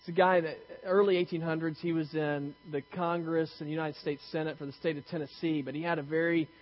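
A man preaches to his congregation in an easy, talkative way, poking fun at himself and stumbling over restarts as he tells stories. His voice sits a little high. The recording sounds dull and lo-fi. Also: flat delivery, fast talker. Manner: conversational, self-deprecating storytelling with frequent restarts. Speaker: pastor. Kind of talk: sermon.

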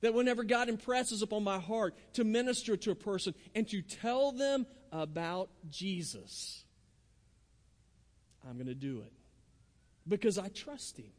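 Man, pastor, sermon, earnest, stumbles over starting words, high voice, long hall echo. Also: animated, a little slow. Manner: earnest, repeats words when starting phrases.

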